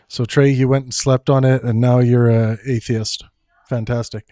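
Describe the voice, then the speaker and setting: A man's voice: medium pitch, level tone, moderate pace, warm tone, no echo, studio quality. A man from Canada hosting a live online debate stream, joking and bantering with his guests. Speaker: host.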